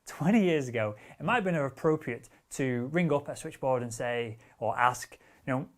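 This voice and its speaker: A sales trainer with a medium-pitched, animated voice teaches sales techniques at a moderate pace, hardly pausing. His instructional style is direct and assertive, with casual wording and the occasional curse word.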